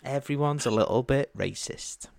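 A man's voice: medium pitch, normal speed, creaky, darkish tone, no room sound. Joking podcast host man, dry close mic. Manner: joking, laughs often, crude humor. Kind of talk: casual comedy podcast chat.

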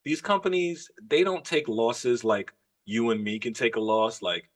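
Male podcast co-host, mid-pitch, profane emphatic storyteller, casual chat. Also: a little slow.

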